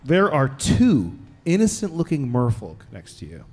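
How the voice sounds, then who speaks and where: A man narrating a live tabletop game as game master, playful and quick to joke, sometimes stumbling over his words. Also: mid-range voice, huge pitch swings, a little mellow.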